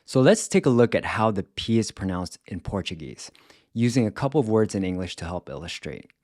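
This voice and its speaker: A man teaching a language lesson in a scripted, careful way, repeating words slowly to show how they are said. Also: lowish voice, sing-song, a little mellow, dry recording, studio quality. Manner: slow, careful, demonstrates pronunciation by repeating words.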